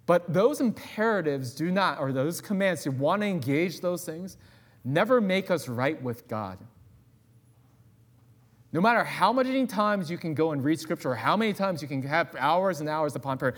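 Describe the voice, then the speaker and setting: Animated man preaching a conversational sermon. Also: fairly high pitch, normal speed. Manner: animated and conversational, with personal asides. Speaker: guest pastor.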